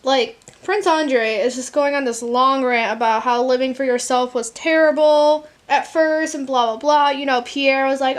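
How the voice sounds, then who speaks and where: A woman's voice: high voice, steady tone, moderate pace, few pauses. A young woman chatting casually in a reading vlog at home, candid and exasperated, swearing freely. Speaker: book vlogger. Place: home, indoors. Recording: faint room noise from the air conditioner. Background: faint air conditioner hum.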